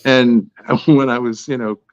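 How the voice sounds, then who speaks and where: A man's voice: mid-range voice, steady tone, measured pace, clear, resonant tone, dry recording, highs cut off. A man being interviewed as an author, talking in a chatty, tangential, self-deprecating way. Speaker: author guest. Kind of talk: podcast interview answers.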